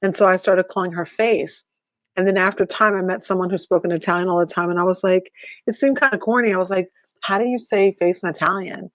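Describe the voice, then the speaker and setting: A woman's voice: fairly low pitch, steady tone, fast, no echo. A middle-aged woman co-hosting a coaching podcast, asking reflective questions in casual chat and laughing often.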